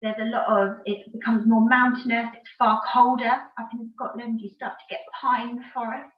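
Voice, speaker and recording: A woman's voice: fairly high pitch, flat delivery, moderate pace. A woman from Britain talks as a guest, patiently explaining and describing at length. She sounds distant from her mic in a roomy space, and the call audio is dull. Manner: explanatory and descriptive, with frequent ums. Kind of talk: casual interview answer.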